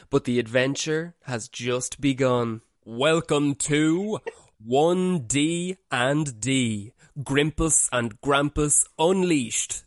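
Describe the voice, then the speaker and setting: A man's voice: medium pitch, no echo. Man narrating a spooky story. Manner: measured, storybook delivery.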